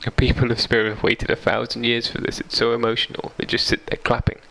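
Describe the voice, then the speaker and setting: A man's voice: mid-range voice, completely flat delivery, fast, creaky, sharp tone, a little hiss or hum, low-quality recording. A young man streaming a game live, chatting casually, reading viewer comments aloud and laughing easily. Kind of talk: casual live-stream chat over gameplay. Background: game music.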